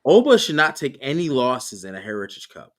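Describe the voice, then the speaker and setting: Animated man thinking aloud about wrestling. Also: mid-range voice, a little fast. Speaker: podcast co-host. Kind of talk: casual wrestling analysis chat.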